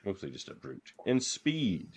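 A man with a very low voice chats casually as a podcast co-host. His pitch swings widely as he reads out each category and banters, laughing often. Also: big pitch swings, a little slow, husky. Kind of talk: casual chat.

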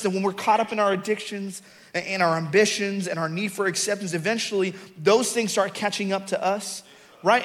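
Male pastor, middle-aged, high voice, sermon, storytelling that swells into shouting. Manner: builds from calm storytelling to shouted emphasis.

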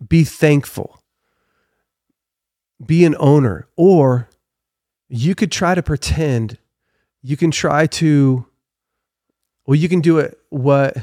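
A man's voice: mid-range voice, a little mellow, dry recording, clean studio sound. A man giving conversational faith teaching as a podcast guest, earnest, reading scripture aloud and often correcting himself mid-phrase.

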